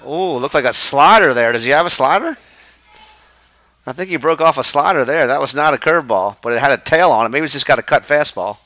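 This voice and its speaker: Guy calling a high school ball game, bright voice, dry booth sound, quick and chatty. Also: animated, no echo. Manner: brisk, chatty, laughs with partner. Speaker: play-by-play announcer. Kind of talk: live baseball play-by-play commentary. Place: press box at a high school ballfield.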